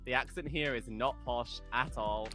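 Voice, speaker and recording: A man's voice: mid-range voice, moderate pace, faint music behind. A man from Yorkshire, a streamer, chatting candidly and mocking himself on a video-call panel. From Yorkshire, England. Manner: candid, self-mocking, animated. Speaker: streamer and podcast guest. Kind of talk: casual panel chat.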